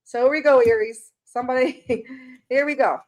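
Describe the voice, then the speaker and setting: A woman's voice: sits high, steady tone, normal speed. A woman reading tarot on a casual live stream, chatty and rambling, greeting viewers by name and laughing at her own slips.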